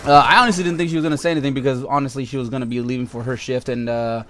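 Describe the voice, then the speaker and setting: A man's voice: medium pitch, steady tone, very fast, fairly bright tone, a little hiss or hum. A man vlogging casually, telling stories in a flippant, rambling way with asides to his viewers. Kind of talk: casual storytelling to camera.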